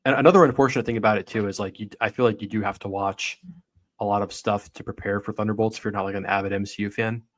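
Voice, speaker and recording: A man with a lower voice hosts a casual movie podcast. He weighs his points thoughtfully, hedging with plenty of fillers. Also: steady tone, fast. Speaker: podcast host.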